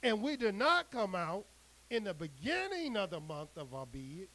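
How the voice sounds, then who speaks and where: Male preacher, high voice, very lively pitch, emphatic sermon cadence. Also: moderate pace, poor audio. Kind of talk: sermon with scripture reading.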